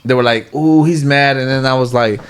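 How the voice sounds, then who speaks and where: A man, a guest in a casual interview, telling stories in an animated way, full of "like" and "you get what I'm saying". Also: medium pitch, moderate pace, clear, resonant tone.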